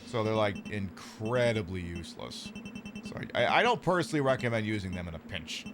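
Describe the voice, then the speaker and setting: A man's voice: lowish voice, expressive, a little fast, music in the background. A man casually commenting on a game he is streaming, sarcastic and profane, rambling between topics.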